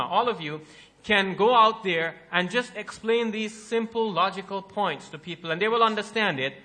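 A man lectures an audience in a hall, animated and rhetorical, building his case through questions. His voice sits high and sounds bright and forceful. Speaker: Islamic lecturer.

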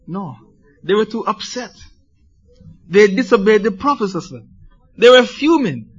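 A man preaching a sermon to a congregation in an animated way, firing rhetorical questions at his listeners. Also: sits high, a little fast, husky, lo-fi sound.

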